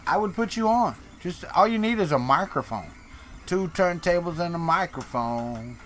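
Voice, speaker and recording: Here a fairly high-pitched man with lively intonation and a somewhat bright tone talks at normal speed over slight background noise. He's a live-stream host from Florida, Deep South, whose Southern accent colors his casual, chatty banter as he reads and replies to viewer messages.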